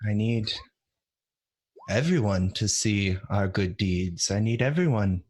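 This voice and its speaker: A man playing a slow, solemn weary healer hero. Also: lowish voice, lively intonation, darkish tone. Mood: earnest. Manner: slow, solemn, halting speech. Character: weary, earnest male hero-healer adventurer.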